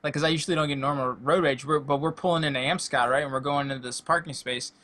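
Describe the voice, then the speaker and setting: A man's voice: fairly high pitch, fairly even intonation, fast talker, a bit bright. A man on a podcast call, chatting casually in a loose, rambling way and swearing freely. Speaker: podcast co-host. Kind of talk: casual chat over a call. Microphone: headset or desk mic on a video call.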